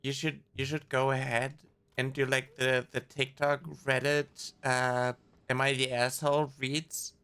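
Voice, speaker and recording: Giggly gamer, slow talker, bright tense voice, faint music behind. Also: mid-range voice, level tone, clean tone. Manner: giggly, unhurried. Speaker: gamer on stream. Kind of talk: casual gaming chat.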